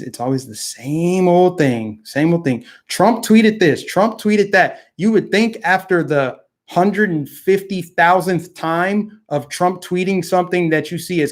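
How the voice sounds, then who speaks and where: A young man holds forth in a fairly high voice, riled up and indignant. He delivers a casual but heated commentary monologue as the host of his own show, now and then mocking the people he criticizes.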